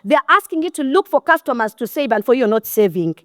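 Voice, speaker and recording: A woman's voice: high-pitched, very animated, fast, a bit bright, dry recording, clean studio sound. A middle-aged woman with a Ugandan accent gives a blunt, scolding motivational talk to an audience. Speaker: motivational speaker.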